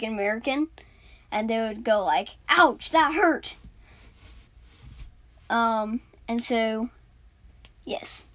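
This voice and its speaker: Woman telling a made-up story, fairly high voice, rambling, lots of fillers. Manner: rambling, many fillers and restarts. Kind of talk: improvised storytelling.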